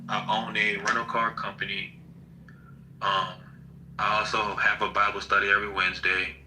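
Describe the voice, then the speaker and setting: A man from New Orleans talking in a laid-back, unhurried way as a guest on a live online chat. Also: fairly low pitch, completely flat delivery, sharp tone, a little hiss or hum, low-quality recording. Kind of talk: casual chat.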